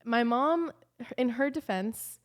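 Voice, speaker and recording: A young woman hosting a podcast, telling a story in a candid, animated way and swearing freely. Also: a little high, takes it slowly. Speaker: podcast host. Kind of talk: casual storytime chat.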